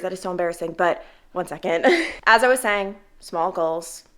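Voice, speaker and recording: A woman's voice: on the low side, normal speed, hardly any pauses, a bit bright. A young woman chatting casually in a home vlog, talking in a loose, filler-heavy way full of "like". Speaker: lifestyle vlogger.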